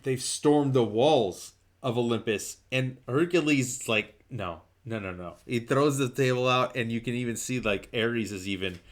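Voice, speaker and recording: A man hosting a comic book show talks through a story in a relaxed, chatty way. His pitch sits in the middle of the usual male range. He gets openly excited, piles up fillers and restarts, and keeps the retelling loose and unscripted. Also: normal speed, hardly any pauses. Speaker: comic book podcast host. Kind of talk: casual comic book recap.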